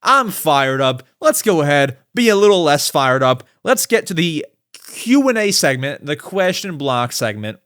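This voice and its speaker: A young man hosting a casual solo podcast, excitable and quick to break into exasperated rants. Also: on the high side. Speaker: podcast host.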